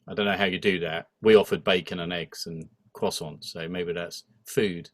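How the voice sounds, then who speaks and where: A man's voice: low voice, fairly even intonation, moderate pace, no room sound, studio quality. A man hosting a casual church ministry discussion on a video call, chatty with playful asides. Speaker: host of an online church ministry session. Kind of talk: casual chat.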